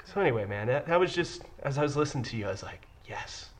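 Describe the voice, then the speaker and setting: A man in his thirties giving an earnest, heartfelt personal testimony in a studio, pausing and restarting as he goes. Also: mid-range voice, expressive. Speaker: church member sharing a testimony. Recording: faint music behind.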